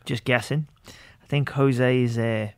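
A man's voice: mid-range voice, fairly even intonation, slow pace, darkish tone, dry recording. Easygoing man, dry close sound. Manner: easygoing, hesitant, polite. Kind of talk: casual fight-pick chat.

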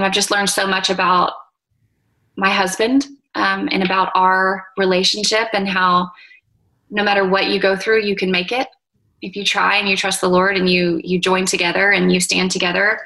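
Woman, 30s, interview guest; gentle, reflective delivery, bright tone. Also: medium pitch, rough recording. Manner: soft-spoken, tender, reflective with pauses and fillers. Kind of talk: emotional interview conversation.

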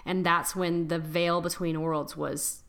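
A woman's voice: on the low side, flat delivery, creaky, fairly bright tone. Give me a woman podcast co-host chatting casually as she reads folklore notes. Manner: reads from notes with halting restarts.

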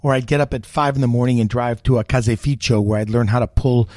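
A man's voice: medium pitch, fast, no room sound, studio quality. A middle-aged American man, a chef and guest, telling long stories with fillers and acted quotes. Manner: animated storyteller, many fillers, quotes others. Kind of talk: storytelling interview chat.

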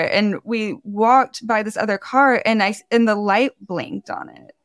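Laughing, animated woman podcast host. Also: on the high side, moderate pace, no echo, clean studio sound. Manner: animated, laughing storyteller, acting out quotes. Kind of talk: casual storytelling chat.

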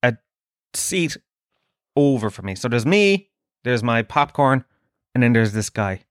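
A man hosting a podcast, telling a comic story in a profane, ranting, animated way. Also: mid-range voice, measured pace, pauses often, dry recording, clean studio sound. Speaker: podcast host.

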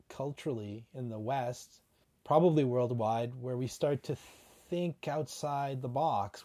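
A man's voice: mid-range voice, warm tone. A man co-hosting a podcast in casual intellectual talk, thoughtful and hedging, often restarting his phrases. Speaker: podcast co-host.

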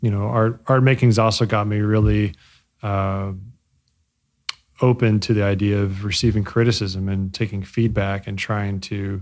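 A man being interviewed about his bike company, speaking reflectively with many pauses, fillers and restarts as he searches for words. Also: on the low side, flat delivery, darkish tone. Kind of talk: casual interview.

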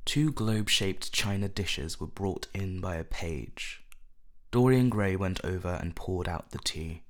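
A man narrating a classic novel in a measured, expressive storytelling manner. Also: low voice. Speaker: audiobook narrator.

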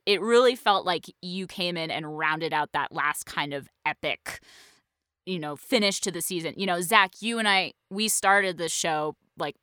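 A woman's voice: on the low side, pushed and bright, smooth, dry recording, clean studio sound. A woman hosting a podcast, chatting casually and laughing often. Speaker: podcast host. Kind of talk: casual chat.

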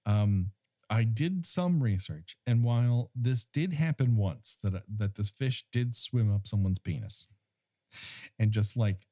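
A man with a fairly low voice chats casually about a film, his pitch swinging widely as he tells it with wry, profane asides. The sound is dry and close, with no room around it. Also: dry recording. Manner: wry, profane, animated storytelling with quick asides. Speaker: podcast host recapping a film; former studio tour guide. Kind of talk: casual chat.

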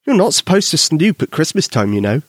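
A man's voice: on the high side, very animated, a little fast, slightly rough, dry recording, voice pushed up. A man playing a cautious little imaginary boy. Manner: warning, teasing tone.

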